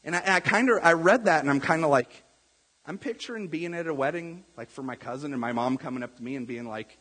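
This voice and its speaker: A man with a slightly husky voice gives a relaxed, chatty sermon, slipping into little acted-out quotes as he goes. His voice rings with the long reverb of a church hall. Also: a little high, fast talker. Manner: casual, conversational, acts out quotes. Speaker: pastor.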